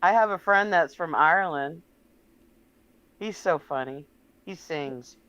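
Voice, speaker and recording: A woman's voice: on the low side, unhurried, a bit bright, dry recording. A woman speaking as an easygoing guest in a casual live-stream group chat. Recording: lo-fi call audio.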